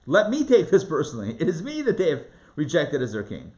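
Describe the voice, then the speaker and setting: A man teaching a live Torah class, reading scripture aloud and acting out the voices in an animated, conversational way. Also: on the high side, muffled recording. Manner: animated, dramatizes the text with rising voice and quick asides. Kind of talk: lively live online Torah lesson.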